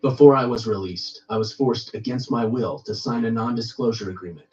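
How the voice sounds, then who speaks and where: A man reading a first-person horror story aloud in steady storytelling narration. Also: medium pitch, brisk, recorded from a distance, dull audio.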